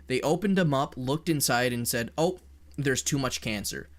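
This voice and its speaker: A man talking on a casual live stream, blunt and heated, swearing freely as he argues his opinion. His voice sits at an ordinary middle pitch for a man, and his delivery is plain and direct. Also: moderate pace. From Canada.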